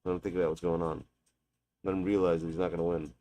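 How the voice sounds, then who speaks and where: A man's voice: low-pitched, flat delivery, fast talker, dark tone, no echo. A man streaming a basketball video game, taunting and mocking his opponent with a profane, trash-talking manner. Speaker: gaming streamer. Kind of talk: live gameplay trash talk.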